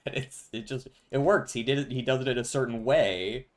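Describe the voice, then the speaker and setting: A man casually commenting on his gameplay to a live chat, relaxed and laughing often. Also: medium pitch, fast. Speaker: streamer.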